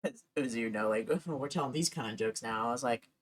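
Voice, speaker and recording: A young woman with a very deep voice streams, talking fairly quickly and casually. She's giggly, laughing often as she tells stories.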